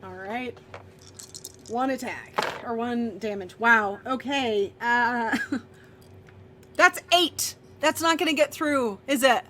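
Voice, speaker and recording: A woman with a bright, fairly high voice runs a tabletop game as game master. She talks quickly between dice rolls and laughs often. A faint hiss of background noise sits under her voice.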